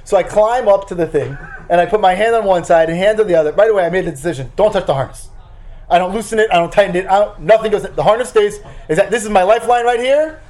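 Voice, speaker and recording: A man, a rabbi, giving a Torah lesson and telling a lively personal story, acting out the dialogue himself. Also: high-pitched, fast talker. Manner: animated storyteller, acts out his own dialogue.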